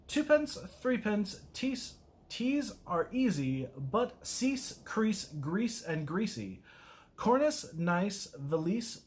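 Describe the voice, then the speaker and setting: Man, slightly high voice, casual self-mocking reader who stumbles on words. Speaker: video host. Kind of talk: casual reading of a poem aloud.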